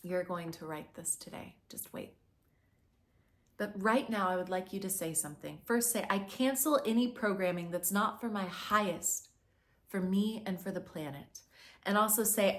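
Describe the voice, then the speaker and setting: A young woman giving a spiritual, motivational talk as a manifestation teacher. She is earnest and effusive, rambles with restarts, and swings between soft near-whispers and bright emphatic bursts. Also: medium pitch, lively intonation, moderate pace.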